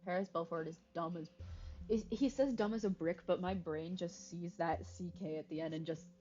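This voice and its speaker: A woman's voice: fairly low pitch, moderate pace, darkish tone. A woman streamer playing a game, reading dialogue choices aloud with casual jokes and frequent swearing. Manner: reads dialogue choices aloud, swears freely, jokey asides. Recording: slightly dull lo-fi stream audio with faint music.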